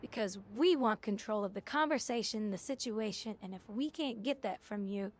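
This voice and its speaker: A woman's voice: medium pitch, moderate pace, a little hiss or hum. A woman game streamer in casual chat, spinning stories in a chatty way while she plays. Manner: chatty storytelling with restarts.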